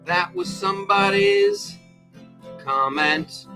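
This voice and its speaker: A man hosting a casual live stream, talking in a rambling and exasperated way. He stops and restarts his sentences a lot and keeps breaking off to read viewer comments. His voice sits in an ordinary middle pitch. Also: very animated, measured pace, music in the background. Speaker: host. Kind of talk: live-stream political commentary reading chat.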